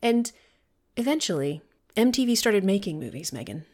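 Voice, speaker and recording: Lively, sarcastic woman co-host. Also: medium pitch, moderate pace. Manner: sarcastic, jokey, self-mocking. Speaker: podcast co-host. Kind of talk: casual chat.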